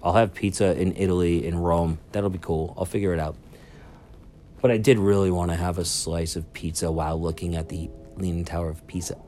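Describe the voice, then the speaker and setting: Dude swearing thru a casual podcast ramble in his cruise cabin, lowish voice. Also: fairly even intonation, fairly quick, mellow, faint music behind. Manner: rambling, profane, easily sidetracked. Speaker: podcast host. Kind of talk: casual solo podcast storytelling. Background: public announcements.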